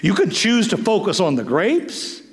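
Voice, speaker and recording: A man preaching a sermon as pastor, telling stories in an animated way with voiced asides. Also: high-pitched, measured pace. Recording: long hall reverb.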